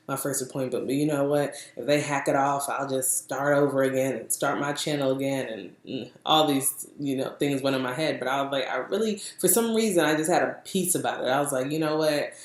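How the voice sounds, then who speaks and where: Young woman vlogger, low voice, lively chatty storytelling, roomy echo. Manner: chatty, animated, laughs often, acts out quotes. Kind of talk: casual storytelling vlog.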